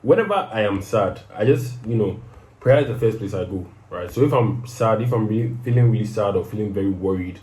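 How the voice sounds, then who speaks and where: Young man, casual motivational talk, keeps asking "right?", somewhat low voice, roomy echo. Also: lively intonation, fairly quick, darkish tone. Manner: conversational, peppers sentences with "right?". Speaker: host of a personal advice show.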